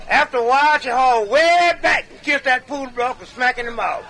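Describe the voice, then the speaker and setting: A man with a very high, sharp voice spins comic tall tales the way a medicine show comedian would. He drawls in a folksy way and chuckles between punchlines. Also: brisk, poor audio. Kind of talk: comic tall-tale storytelling.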